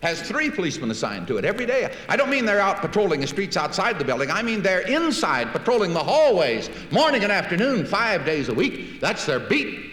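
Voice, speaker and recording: A man's voice: sits high, wildly swooping pitch, a little fast, hardly any pauses, a bit bright. A man giving a public speech in a folksy storytelling manner, acting out conversations as he tells them. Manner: folksy storytelling, acts out dialogue. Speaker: public speaker. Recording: echoey hall recording with faint hiss.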